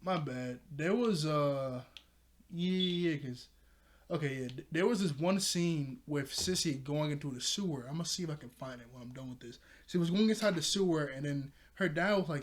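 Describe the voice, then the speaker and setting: Young man, slightly high pitch, casual rambling recap, laughs often. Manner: rambling, laughs often, acts out lines in quick bits. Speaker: show reviewer.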